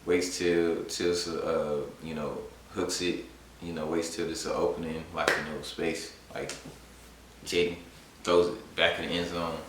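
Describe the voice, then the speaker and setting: A young man with a low, deep voice tells a rambling fan story, heavy on fillers. He sounds far from the mic in a very echoey room, with faint noise behind him. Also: level tone, unhurried. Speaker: sports fan vlogger. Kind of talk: casual storytime and game recap.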